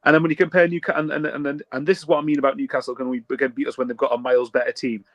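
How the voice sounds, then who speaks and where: A man's voice: mid-range voice, level tone, very fast, no echo. A man co-hosting a casual football podcast, jokey and chatty. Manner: chatty, jokey, rattles off team lineups. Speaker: podcast co-host. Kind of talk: casual chat.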